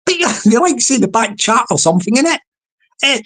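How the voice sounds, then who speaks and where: A woman's voice: a little high, sing-song, fairly quick, fairly bright tone. A woman hosting her own channel in a chatty, mocking monologue, often laughing and repeating words. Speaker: channel host. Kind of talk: casual rambling vlog monologue.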